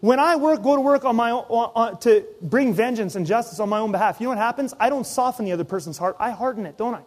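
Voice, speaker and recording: A man preaching a sermon as pastor, telling personal stories with lively, acted-out asides. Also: very high-pitched, fast. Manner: animated storytelling, acts out his own inner voice.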